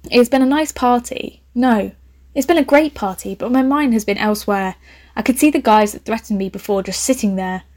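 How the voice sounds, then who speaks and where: Young woman, fairly high voice, reads her story aloud and keeps cutting in with cheeky camp jokes. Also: brisk, darkish tone. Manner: playful, laughing, camp commentary. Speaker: host reading a story. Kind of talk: reading a story aloud with comic asides.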